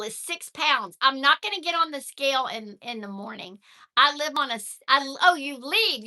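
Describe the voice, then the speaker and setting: Chatty bright-voiced grandmother vlogger. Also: high-pitched. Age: older. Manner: chatty and animated, thanks viewers by name. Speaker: vlogger reading live chat. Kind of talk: casual chat to viewers.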